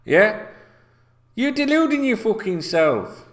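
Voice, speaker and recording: A Yorkshireman from North Yorkshire, England, hosts a football fan channel, delivering a sweary, repetitive, heated rant in his vlog. His pitch is animated but he takes it slowly, and the room sounds echoey.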